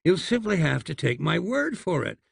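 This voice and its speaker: A man's voice: a little high, very animated, moderate pace, gravelly, breathy edge, no echo, clean studio sound, pitched above the performer's own voice, full character voice. A man voicing an exasperated, well-spoken young hero who talks with indignant precision in a storybook reading.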